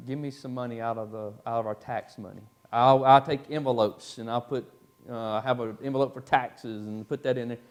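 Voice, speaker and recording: A man teaching a church Bible class, telling stories in a folksy way with many fillers. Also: mid-range voice. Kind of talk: storytelling in a class.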